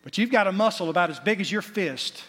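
A pastor, a man, preaches in a high voice, pressing his points with rising emphasis and folksy asides. His words ring out with a long reverb across a church sanctuary. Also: expressive, fast, fairly bright tone, breathy edge. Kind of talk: sermon.

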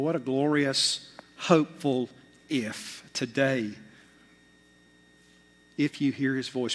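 Impassioned preacher in a reverberant hall. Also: male voice, mid-range voice. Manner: impassioned, swinging from loud bursts to hushed asides. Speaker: pastor. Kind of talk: sermon. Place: church sanctuary. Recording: long reverb of a large hall.

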